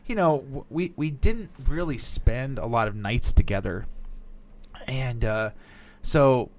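A man with a mid-pitched voice, chatting casually as a podcast co-host. He talks haltingly, keeps restarting and repeating words, and drops casual swears. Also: a little mellow. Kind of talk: casual chat.

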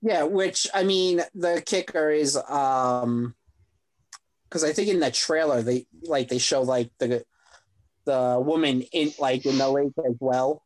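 A man co-hosting a casual podcast, laid-back and halting, with many fillers. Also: medium pitch, dry recording. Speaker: podcast co-host. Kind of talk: casual chat.

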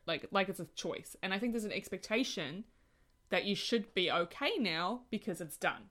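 A woman's voice: mid-range voice, expressive, normal speed, fairly bright tone. A woman with an Australian accent, co-hosting a casual book podcast, earnest and reflective. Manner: earnest, reflective, laughs easily. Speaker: podcast co-host.

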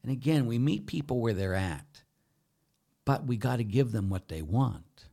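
A middle-aged Catholic priest preaching during a Q&A, emphatic, often asking rhetorical questions and swinging between loud and soft. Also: male voice, mid-range voice, expressive, moderate pace, gravelly.

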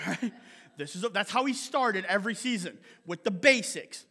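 A man's voice: sits high, animated, moderate pace, pushed and bright, slightly rough. A male pastor preaching a casual, conversational sermon, often checking in with "right?" and laughing between points.

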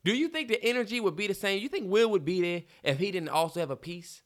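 A man co-hosting a podcast, talking in animated, slangy casual chat. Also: high-pitched, fast talker. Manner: animated, slangy, quotes lyrics and others. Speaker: podcast co-host.

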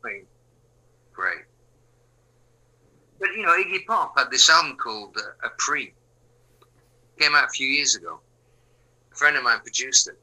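Hombre mayor de Inglaterra, voz muy brillante. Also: male voice, medium pitch, expressive, moderate pace, long pauses, rough recording. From England. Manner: rambling, frequent fillers and restarts, drops to quiet asides. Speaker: musician guest. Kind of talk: relaxed interview chat.

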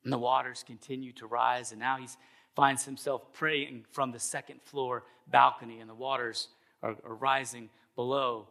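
A man's voice: medium pitch, normal speed, creaky. A middle-aged man preaching a sermon as pastor, telling stories and acting out the voices of people in them. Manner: storytelling with acted voices, animated and comic.

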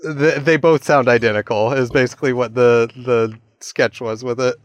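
A man's voice: medium pitch, fairly even intonation, moderate pace, dry recording. An easygoing man chatting with friends and laughing often. His voice sits in the middle range and sounds dry and close, with no room around it. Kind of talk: casual chat.

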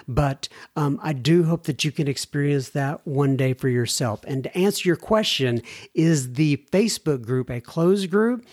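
A man's voice: medium pitch, a little mellow, dry recording, clean studio sound. A man hosting a podcast, reading listener letters and answering in a rambling, self-deprecating way with many fillers and restarts. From United States. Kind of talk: casual solo podcast talk.

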